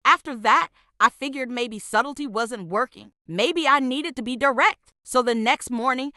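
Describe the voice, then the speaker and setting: A woman's voice: high-pitched, normal speed, bright, forceful tone, dry recording, studio quality. A woman reading out a scripted storytime in an exasperated, sarcastic way. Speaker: storytime narrator.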